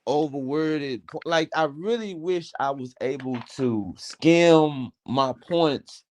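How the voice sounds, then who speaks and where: A man's voice: fairly high pitch, slow pace, a little mellow, a little hiss or hum, poor audio. A man in his twenties speaking in a casual, rambling storytelling way. He swears freely as he talks. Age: 20s. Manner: wordy, digressive, swears freely. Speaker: panel speaker.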